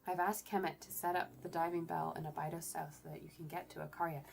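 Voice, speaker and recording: A formal, grateful ruler of a city speaks in stately, measured phrases, voiced by a woman reading the game text aloud. The voice sits a little low, with faint music underneath. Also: level tone, gravelly.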